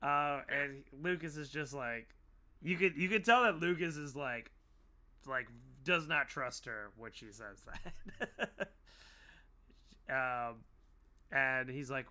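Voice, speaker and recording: A man narrating a tabletop role-playing game as game master, laughing often and slipping into quick character voices. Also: medium pitch, expressive, bright, forceful tone.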